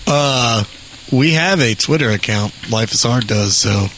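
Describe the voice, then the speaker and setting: A man co-hosting a podcast in casual chat, tossing out quick jokes. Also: mid-range voice, fairly bright tone, a little hiss or hum, low-quality recording. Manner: joking, quick quips. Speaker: podcast co-host.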